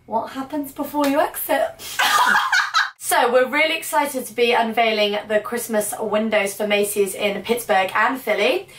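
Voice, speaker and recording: A woman's voice: fairly high pitch, moderate pace, hardly any pauses, a little hiss or hum. A young woman co-hosting a chatty vlog, with a playful, jokey manner. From England. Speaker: vlogger, co-host. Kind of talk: casual chat. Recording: echoey room, mic at a distance.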